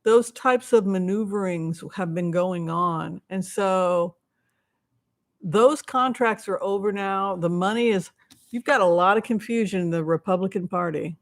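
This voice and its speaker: A tarot reader on a relaxed live stream, this woman speaks in a mid-range voice at a slightly slow pace. She wanders through her chat with frequent asides, answering questions from viewers and thanking donors.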